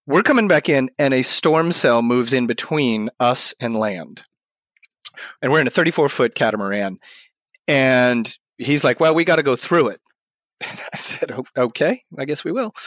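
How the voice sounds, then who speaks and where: A man's voice: medium pitch, no room sound, studio quality. A man talking as a guest in an interview, animatedly telling stories and acting out what he said back then. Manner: animated storyteller, acts out his own past words. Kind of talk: storytelling in a podcast interview.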